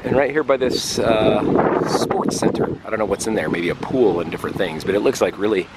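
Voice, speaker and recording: A man in his forties from the United States, chatting casually and excitably as he walks and vlogs outdoors, out of breath on a climb. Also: lowish voice, fairly quick. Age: 40s. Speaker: travel vlogger. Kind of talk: casual walking vlog. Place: outdoors in a windy town and hillside. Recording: wind noise on outdoor mic.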